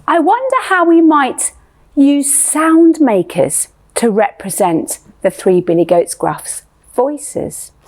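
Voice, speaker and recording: Slow, lively woman teaching music. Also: sits high. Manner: playful, sing-song questioning. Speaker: children's music leader. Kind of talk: children's music lesson.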